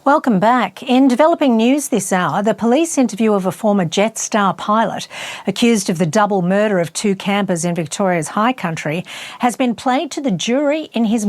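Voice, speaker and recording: A woman with an Australian accent reading the news in a measured, formal studio delivery. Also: medium pitch, dry recording. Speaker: news presenter.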